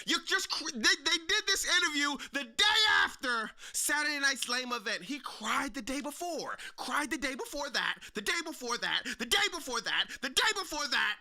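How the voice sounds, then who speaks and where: A man live-streaming his reaction to wrestling, mocking loudly, repeating phrases for laughs and breaking into shouts. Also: very high voice, animated, moderate pace. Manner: loud, mocking, bursts into shouts; repeats phrases for comic effect.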